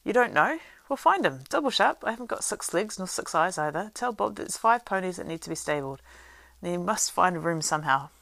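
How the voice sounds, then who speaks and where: Woman voicing a fat bustling innkeeper man, loud fussy chatter, gravelly edge, dry close sound. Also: low-pitched, brisk, dry recording.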